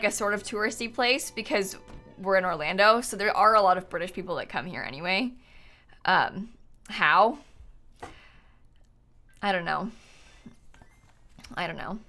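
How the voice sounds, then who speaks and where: A woman in her twenties chatting casually on a live stream while gaming, animated and laughing often as she answers her chat. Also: mid-range voice. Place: home setup, lives in Florida.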